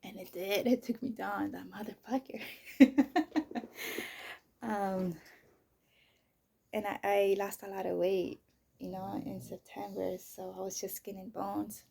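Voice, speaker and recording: A woman's voice: mid-range voice, steady tone, slow pace, creaky, long pauses, warm tone, breathy edge. A woman in her thirties telling her own story in a candid, casual way, swearing freely and filling her talk with "you know" and "like.". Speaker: vlogger.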